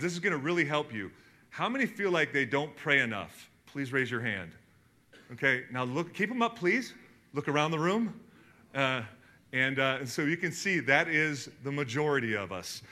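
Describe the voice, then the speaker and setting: A man preaching a sermon to his congregation, telling stories animatedly, with sudden jumps in loudness. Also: a little high. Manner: animated storytelling, emphatic swings in loudness. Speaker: pastor. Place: church hall in front of a congregation.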